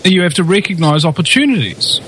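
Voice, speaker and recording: A man's voice: high voice, expressive, fairly quick, fairly bright tone, slight background noise. A man hosting a call-in talk radio show, chatty and rambling, fond of telling jokes.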